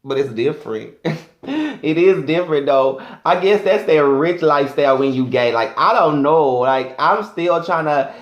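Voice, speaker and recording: A man's voice: a little high, expressive, normal speed, reverberant, dull audio. A man doing a sassy, flamboyant, profane comic rant as a vlogger.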